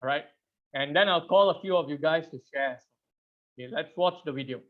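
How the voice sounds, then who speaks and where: In an online class on public speaking, delivered by video call, a man in his thirties presents in a high, brisk voice. He stays animated, laughs a lot and keeps posing questions to listeners, all through muffled, lo-fi sound.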